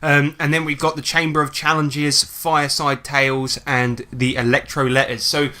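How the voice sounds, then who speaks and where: Bright-voiced man hosting casually. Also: a little high, level tone, normal speed. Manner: joking, rambling with fillers. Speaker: podcast host. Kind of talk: casual podcast chat.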